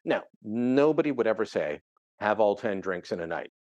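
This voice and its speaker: In what sounds like a casual interview, a Canadian political contributor in his middle years chats energetically about the news, voice bouncing up and down as he briefly impersonates quoted figures. The audio has no echo but comes across muffled.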